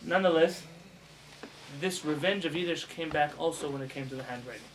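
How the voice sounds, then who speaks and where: A man, a rabbi, giving a casual spoken lesson to students, animated and asking them questions as he goes. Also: fairly high pitch, fairly quick, a little hiss or hum, rough recording. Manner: animated, demonstrates pronunciations with raised voice; asks students questions as he teaches. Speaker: rabbi teaching a class. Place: classroom with students.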